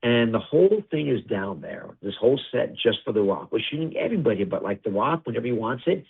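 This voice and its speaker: A middle-aged male producer, a guest on an interview, telling stories in a blunt, animated way and swearing freely. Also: medium pitch, fast talker, vocal fry, slightly rough. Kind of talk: candid interview storytelling. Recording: tinny phone-like audio.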